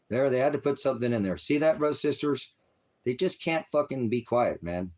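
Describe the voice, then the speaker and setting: A man's voice: medium pitch, expressive, brisk, a little mellow. A man preaching on a livestream, talking in a profane, aggressive, rambling rant and addressing his chat viewers. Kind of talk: angry rambling livestream talk.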